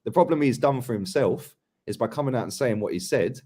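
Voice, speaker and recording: A man's voice: medium pitch, animated, brisk, a little mellow, breathy edge. A young man, co-hosting a casual live football chat, blunt and emphatic, with plenty of slang. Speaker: football podcast co-host.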